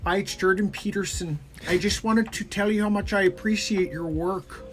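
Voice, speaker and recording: Hear an earnest male professor, put on by a performer in a comedy bit. He speaks formally in a mid-pitched voice, with faint music behind. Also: fairly even intonation, normal speed, close to an everyday voice. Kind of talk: comedic impression.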